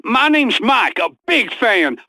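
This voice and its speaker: Nervous, stammering redneck dad caller, very high and bright, dry. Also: male voice, big pitch swings, slow, dry recording, heavily acted. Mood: timid. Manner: stammering, hesitant. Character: timid, dim-witted redneck father calling in. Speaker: radio caller. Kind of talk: scripted radio comedy acting.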